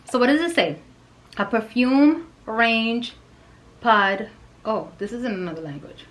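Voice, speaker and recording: A woman reviewing perfume in a vlog, gushing and excitable, with soft whispered asides. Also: on the high side, measured pace, rough recording. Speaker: fragrance reviewer.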